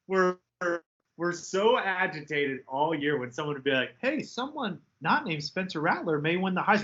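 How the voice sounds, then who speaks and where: An animated man co-hosting a casual sports podcast, with a bright, slightly high voice. He runs through his betting picks with loose, joking energy. The audio sounds a little dull and lo-fi. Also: moderate pace. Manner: animated, mimics people in loud outbursts. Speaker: podcast co-host.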